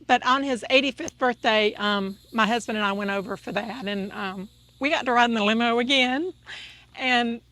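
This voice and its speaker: A woman's voice: fairly high pitch, moderate pace, fairly bright tone. A woman, a longtime family friend, telling fond, light-hearted stories in a chatty way. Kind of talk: casual storytelling.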